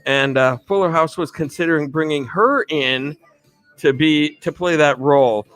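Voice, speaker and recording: A slightly tipsy man hosts a casual live stream in a fairly high voice, rambling upbeat shout-outs to his viewers. Music plays faintly in the background. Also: normal speed. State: a bit tipsy. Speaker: livestream host.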